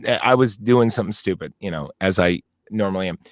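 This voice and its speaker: A man's voice: sits low, fairly quick, dry recording. A man co-hosting a casual movie-review podcast, telling long anecdotes that drift into tangents. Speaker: podcast co-host.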